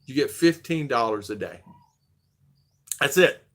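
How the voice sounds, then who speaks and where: Bright-voiced older man telling stories. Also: mid-range voice, a little slow. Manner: rambling, animated retelling with quoted dialogue. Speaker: host. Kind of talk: casual storytelling livestream chat.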